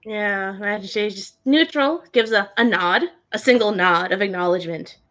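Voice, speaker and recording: A woman's voice: medium pitch, normal speed, fairly bright tone, dull audio. A woman player in a tabletop game, joking and swearing casually through the session. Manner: profane, joking banter.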